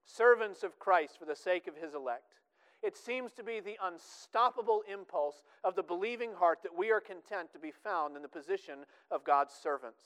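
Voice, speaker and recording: A man's voice: high-pitched, lively intonation, normal speed, fairly bright tone, clean tone, rough recording. A man preaching a sermon in an earnest way, often repeating words for emphasis.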